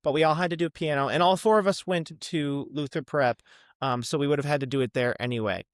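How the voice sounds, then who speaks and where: A young man from the Midwest, a podcast guest chatting casually about his past with lots of ums and quick asides. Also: fairly high pitch, no echo, clean studio sound. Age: young adult. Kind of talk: casual interview chat.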